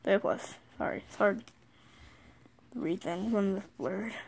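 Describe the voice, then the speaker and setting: Slow-talking excitable young vlogger girl. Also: medium pitch, husky. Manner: excitable, reads names aloud, frequent apologies. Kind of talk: casual card-opening vlog. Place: sitting on her bed at home.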